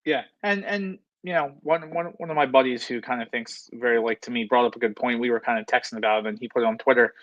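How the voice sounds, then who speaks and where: A man hosts a casual sports talk show, rattling through his points at a quick clip. His voice comes through a dull, lo-fi line. The sound is dry, with no room around it. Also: medium pitch, no room sound. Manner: fast, animated, chatty. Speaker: podcast host.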